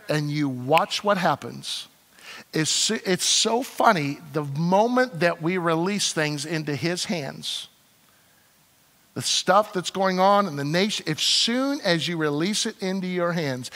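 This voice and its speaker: A male pastor preaching a sermon in an animated, conversational way, repeating his phrases for emphasis. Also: high-pitched, a little slow, in a large hall. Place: church sanctuary.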